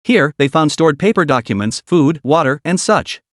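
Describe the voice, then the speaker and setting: A man narrating a web novel audiobook with lively, dramatic storytelling. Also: fairly high pitch, normal speed, no echo, studio quality.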